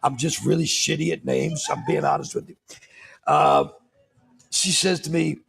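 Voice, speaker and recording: A man hosting a live show, voice pitched high for his sex and rough with a heavy gravelly fry. He shouts out hype and banter in a rowdy way and makes jokes at his own expense. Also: fairly even intonation, moderate pace. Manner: hyped, rowdy and self-deprecating. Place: roadside bar.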